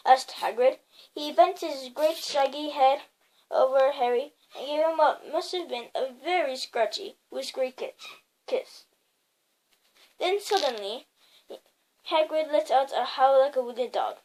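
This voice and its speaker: A woman's voice: high-pitched, unhurried, a little mellow, rough recording. A woman reading a novel aloud, stumbling over words and correcting herself as she goes. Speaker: reader.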